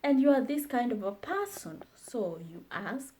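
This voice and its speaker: Slow-paced woman teaching phrases. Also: on the high side, big pitch swings, a little mellow. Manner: slow, repeats phrases for learners. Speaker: language teacher. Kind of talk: slow language lesson.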